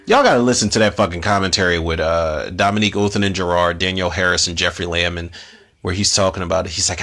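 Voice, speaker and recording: A young man talks over a movie as commentary host, rambling through slang and freely dropped curses. His voice sits on the lower side but carries a forceful, bright edge. The talk is loose and chatty, full of asides. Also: expressive, brisk.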